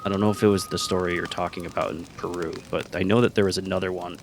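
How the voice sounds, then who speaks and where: A man's voice: low-pitched, steady tone, quick pace, a little hiss or hum. A man co-hosting a podcast, hesitant and thinking aloud in casual chat. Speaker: podcast co-host.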